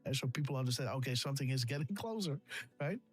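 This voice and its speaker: A man's voice: medium pitch, expressive, quick pace, slightly rough, faint music behind. Laughing man hosting a casual livestream. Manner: laughing, repeats himself, imitates sound effects. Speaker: livestream host.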